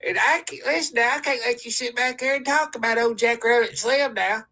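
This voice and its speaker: A frail old granny on oxygen, nagging and wailing in a high, piercing voice, as a man puts her on for a comedy skit. Her tone is bright and sharp, and her complaints come out in dramatic cries. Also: fairly quick, heavily acted.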